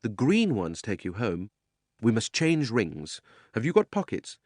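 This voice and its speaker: A man reading an audiobook, voicing a relaxed, easygoing young boy. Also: fairly low pitch, measured pace, no echo, clean studio sound, heavily acted. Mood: explaining.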